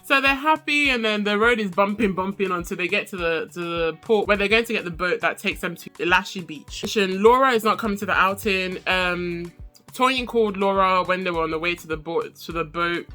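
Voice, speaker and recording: Woman, young, bright lively recap host, faint music under. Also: brisk. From Nigeria. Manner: animated, laughs often, mimics people in high voices. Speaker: reality show reviewer. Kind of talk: casual chatty recap vlog.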